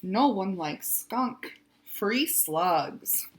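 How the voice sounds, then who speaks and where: A woman librarian hosting a virtual story time, reading a picture book to young children in a gentle, instructive way. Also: mid-range voice, animated, drawn-out words, slight background noise.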